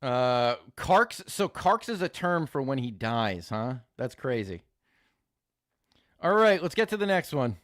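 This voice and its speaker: A man's voice: medium pitch, very animated, measured pace, fairly bright tone, no room sound. Crude joking streamer guy, dry close mic. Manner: crude, joking, rambling, swears a lot. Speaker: streamer host reacting to videos. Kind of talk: casual live-stream chat.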